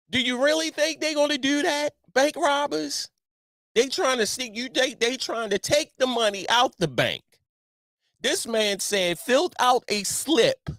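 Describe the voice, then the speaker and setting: A middle-aged man hosting a casual commentary show, talking in an animated way, repeating himself and firing off rhetorical questions. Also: sits high, dry recording, studio quality. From Baltimore. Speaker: online show host.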